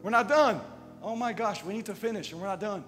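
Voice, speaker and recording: High-voiced preacher in an echoing church. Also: male voice, fairly quick. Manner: conversational, swinging from quiet asides to loud emphatic bursts. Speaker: pastor. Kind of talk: sermon. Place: church sanctuary. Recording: long church reverb with faint music.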